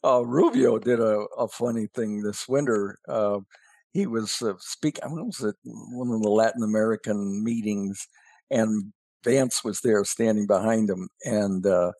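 A lowish male voice, gravelly and a little husky, that moves slowly and stops often on fillers. He chats as a regular guest on talk radio. The sound is dry. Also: darkish tone, no room sound. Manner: unhurried, halting with many fillers. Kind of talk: casual talk radio chat.

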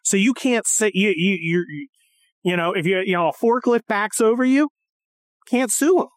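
A woman in casual, profane chat, animated and mocking. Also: medium pitch, normal speed, no echo, studio quality.

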